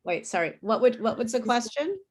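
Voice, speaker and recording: A woman teaching English pronunciation in an online class, saying words clearly and patiently for students to repeat. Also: a little high, lively intonation, a little fast.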